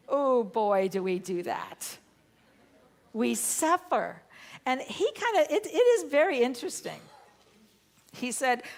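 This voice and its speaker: A woman minister giving a sermon, telling a story with animated, emphatic bursts. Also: medium pitch. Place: church sanctuary.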